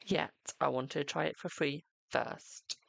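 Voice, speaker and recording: A man's voice: on the high side, fairly even intonation, unhurried, gravelly, a bit bright. A British man chatting casually on a live stream as a tarot reader, talkative and self-mocking, swearing now and then.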